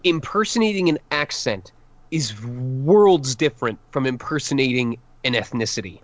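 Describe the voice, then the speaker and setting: A man's voice: medium pitch, lively intonation, moderate pace, dry recording. Man, voice actor guest, earnest, emphatic, dry close sound, slightly dull lo-fi audio. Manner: earnest, emphatic, with frequent restarts. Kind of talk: podcast interview.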